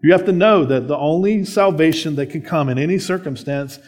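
A man's voice: fairly high pitch, fairly quick, a little mellow. A man preaching a sermon as a pastor, conversational, often checking in with tag questions.

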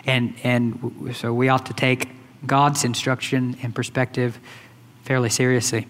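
A man's voice: mid-range voice, level tone, unhurried, a bit bright. A man preaching a sermon in a loose, conversational way, with many fillers and restarts. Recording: hall reverb.

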